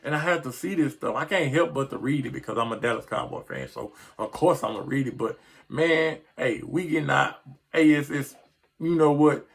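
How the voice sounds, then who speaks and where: A middle-aged sports vlogger rants casually and rambles about his team, frustrated and tripping over words. His mid-range voice is creaky and slightly rough, at a moderate pace.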